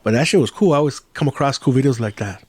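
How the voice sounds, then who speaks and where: A man's voice: medium pitch, racing, darkish tone, slightly rough, dry recording. A man chats casually as a podcast host, his talk loose, rambling and full of swearing. His voice sits mid-range and comes across dry, with no room around it. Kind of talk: casual chat.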